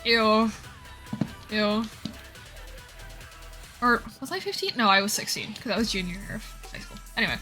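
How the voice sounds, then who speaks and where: A woman's voice: medium pitch, very animated, quick pace, hardly any pauses, bright, forceful tone, soft background music. A woman in her twenties streaming, telling stories in a casual chat, acting out the people she quotes and sounding out of breath. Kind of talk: casual chat while gaming.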